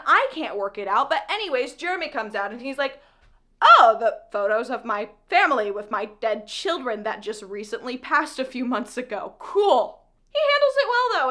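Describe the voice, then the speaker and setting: A high-pitched woman retells a novel's plot in a chatty, dramatic way, adding joking asides for her viewers. Her voice is bright and forceful, and she talks in a casual vlog style. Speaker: book recap vlogger. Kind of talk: animated casual book recap.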